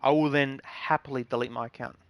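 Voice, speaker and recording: A man's voice: mid-range voice, steady tone, brisk, clear, resonant tone, no room sound. A man hosting a casual gaming vlog, ranting in a rambling, aggrieved way with lots of ums and restarts. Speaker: gaming channel host.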